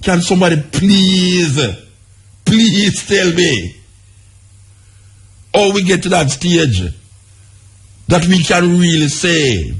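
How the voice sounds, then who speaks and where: A man's voice: sits high, animated, slow pace, long pauses, slightly rough. A Jamaican man giving an impassioned radio monologue in patois-laced speech, firing rhetorical questions at his listeners. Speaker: radio talk host. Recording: radio broadcast.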